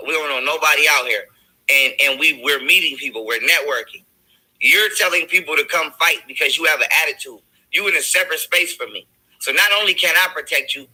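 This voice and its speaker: Husky, bright-toned man arguing his side. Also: fairly high pitch, rough recording. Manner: defensive, argumentative, recounting texts. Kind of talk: heated self-defense.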